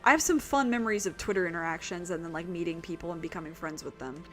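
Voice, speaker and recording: Chatty woman streamer with a rough throat. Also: fairly low pitch, quick pace, soft background music. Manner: chatty, rambling, swears casually. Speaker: game streamer. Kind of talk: casual chat while streaming a game.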